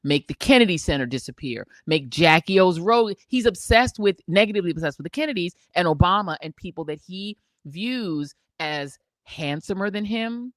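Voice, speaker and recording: A woman co-hosting a podcast in casual chat, animated and gossipy, laughing often. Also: fairly low pitch, normal speed, few pauses, no echo, clean studio sound. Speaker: podcast co-host.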